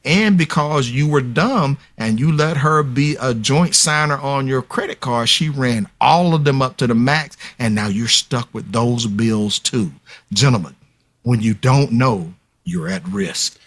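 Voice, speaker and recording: A man explains things at length as a podcast guest. He speaks emphatically, in a lecturing way, and often addresses the listeners directly. His voice sits at a middling pitch. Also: a little slow, a bit bright. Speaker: guest expert on paternity fraud.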